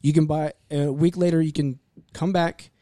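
A man's voice: on the high side, steady tone, moderate pace, mellow, dry recording, clean studio sound. A young man co-hosting a casual chat, telling a workplace story in a rambling way with many fillers and restarts. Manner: rambling, full of fillers and restarts, acts out voices in quotes. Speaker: podcast co-host telling a story.

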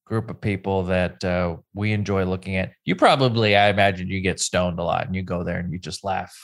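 A man's voice: deep voice, fairly even intonation, a little fast. A man co-hosting a podcast in casual chat, easygoing with mock-serious asides. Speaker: podcast co-host.

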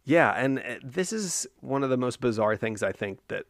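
A man's voice: mid-range voice, expressive, normal speed, no room sound, studio quality. A man co-hosting a casual history podcast, explaining at length and thinking aloud with fillers and restarts. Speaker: podcast co-host.

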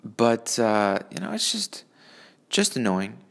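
Man, rambling profane rant, gravelly voice, swings up and down in pitch, phone mic. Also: very animated, slow pace. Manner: profane, rambling, self-interrupting. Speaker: vlogger.

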